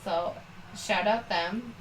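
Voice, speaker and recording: A woman's voice: medium pitch, takes it slowly, far from the mic, slight background noise. Teasing woman co-host, roomy sound. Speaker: podcast co-host. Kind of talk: casual chat.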